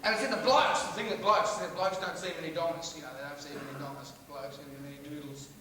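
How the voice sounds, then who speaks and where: A middle-aged Australian man doing a loud, profane stand-up routine, rambling between bellowed outbursts. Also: a little high, fairly even intonation, fast, crowd noise. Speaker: stand-up comedian. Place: large theatre hall with a live audience. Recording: distant, echoey hall recording with audience noise.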